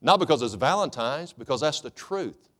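A man's voice: mid-range voice, expressive, normal speed, fairly bright tone. A man preaching a sermon in a folksy, joking way, calling for amens. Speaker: pastor.

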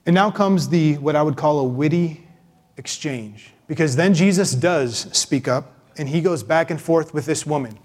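A male pastor preaching a sermon in an emphatic, expressive way. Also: a little high, normal speed. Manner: emphatic, expressive, acts out voices.

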